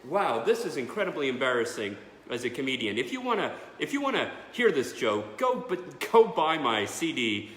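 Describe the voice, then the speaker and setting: Animated comedian in an echoey living room. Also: male voice, mid-range voice, moderate pace, hardly any pauses. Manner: rambling storytelling, loud and profane when acting out bits. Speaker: stand-up comedian. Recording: echoey room, faint background noise.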